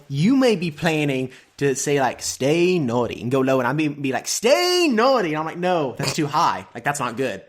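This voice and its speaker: Podcast co-host, casual, rambling, lively pitch. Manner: rambling, chatty, laughs a lot. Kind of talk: casual chat.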